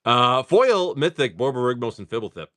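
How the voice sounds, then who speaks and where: Lively, swearing man chatting on stream. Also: mid-range voice, no echo. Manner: rambling, swears freely, laughs often at chat; reads card names off in quick lists. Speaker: live-stream host opening card packs. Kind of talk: casual live-stream chatter.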